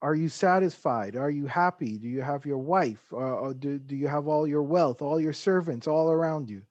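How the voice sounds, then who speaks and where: Brief: man playing a measured, gentle guru, mid-pitched, dry. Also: dry recording, muffled recording, lightly acted. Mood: calm. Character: calm wise male spiritual teacher.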